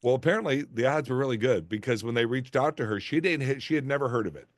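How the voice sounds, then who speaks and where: A middle-aged man tells show-business stories with animated delivery, leaping into other voices when he quotes people. His pitch sits in the middle, and the sound is dry and close. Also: fast talker, no room sound. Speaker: actor and guest. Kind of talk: casual interview storytelling.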